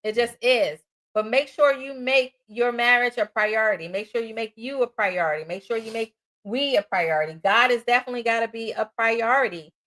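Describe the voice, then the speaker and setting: Woman, New York accent, co-host, loud, passionate, faith-based relationship talk. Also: fairly high pitch, a little fast.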